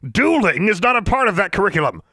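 Blustering, pompous bearded giant of a man, shouting high and wild, as the reader puts him on, dry close sound. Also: very animated, fast, slightly rough, no echo, heavily acted. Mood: bellowing rage. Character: huge pompous bearded man, furious official.

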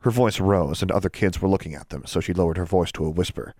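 A man narrating a novel in steady, measured storytelling. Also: deep voice, no room sound, studio quality. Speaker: audiobook narrator. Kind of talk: scripted narration.

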